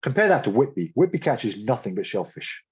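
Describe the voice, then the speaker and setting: Husky, low-voiced male lecturer, blunt and sardonic, on a dull lo-fi recording. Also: big pitch swings, brisk. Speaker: guest speaker. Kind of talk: public science talk.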